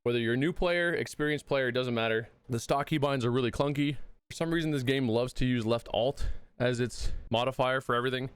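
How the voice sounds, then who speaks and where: A man's voice: mid-range voice, fairly quick, clean tone, no echo. A man giving a casual gaming tutorial, slightly out of breath, chatty and laid-back, with occasional mild swearing. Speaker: gaming video creator.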